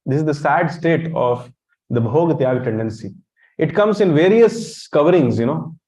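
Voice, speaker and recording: A man's voice: a little high, lively intonation, normal speed, a little mellow. A man giving a temple lecture, blunt and teasing, quizzing his audience and calling on listeners directly. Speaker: monk lecturer. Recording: dull lo-fi recording.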